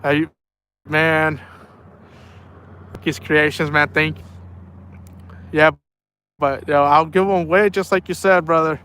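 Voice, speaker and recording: Slow, playful man on a live stream. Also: a little high, little pitch movement, sharp tone, clean tone. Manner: playful, laughs often, reads chat aloud. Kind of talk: casual live-stream chat. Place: outdoors at night by the water.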